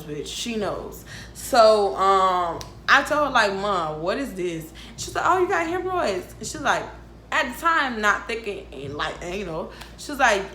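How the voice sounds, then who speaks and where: Frank, animated young woman vlogger. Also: fairly high pitch, roomy sound, a little hiss or hum. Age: 20s. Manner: animated, frank and profane, laughs often. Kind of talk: casual storytime monologue.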